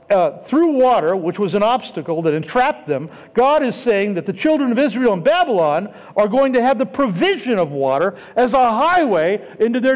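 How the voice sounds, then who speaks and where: A man's voice: high-pitched, darkish tone. A middle-aged male pastor preaching a conversational sermon, often repeating himself and asking the congregation questions. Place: church sanctuary. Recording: long hall reverb.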